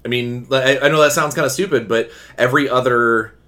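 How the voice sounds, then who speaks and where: A man co-hosting a casual podcast chat, animated and quick to put on goofy voices. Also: mid-range voice. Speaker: podcast co-host.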